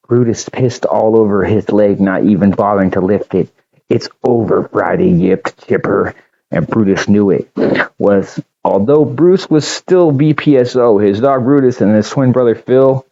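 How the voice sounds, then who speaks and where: Low mellow male storyteller, lo-fi sound. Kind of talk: reading an original story aloud.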